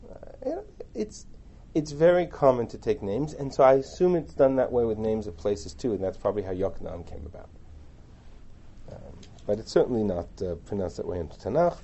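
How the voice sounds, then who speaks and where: With a somewhat low, dark voice and a slightly fast pace, a Torah teacher works through a biblical text, reading verses aloud and translating line by line. He mixes in chatty remarks and puts questions to the class.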